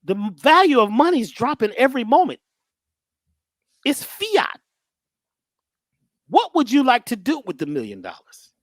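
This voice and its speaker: A woman's voice: fairly high pitch, wildly swooping pitch, moderate pace, pauses often, no echo, clean studio sound. A woman giving a preachy motivational talk as a guest, full of rhetorical questions, repeated phrases and slang. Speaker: guest teacher on mindset and healing.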